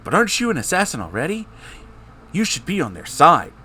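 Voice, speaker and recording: Guy doing a loud eager everyman, pitched up and bouncy. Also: huge pitch swings, a little fast, slight background noise, exaggerated voice. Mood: suspicious. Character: earnest, excitable adult man, a cartoon cat's owner. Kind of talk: comedic story reading.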